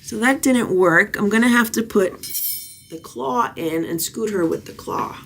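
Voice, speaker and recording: Casual vlogger, woman, mid-pitched with a gravelly fry, gentle and soothing, talking beside a cage indoors. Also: measured pace, a little hiss or hum. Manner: soothing, coaxing, switches to high sing-song baby talk for the kitten. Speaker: cat rescuer vlogger. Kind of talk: casual vlog narration and talking to a kitten.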